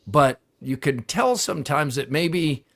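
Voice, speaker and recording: A man's voice: fairly high pitch, expressive, measured pace, vocal fry, fairly bright tone. A man co-hosting a casual sports talk show, conversational and amused. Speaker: radio co-host.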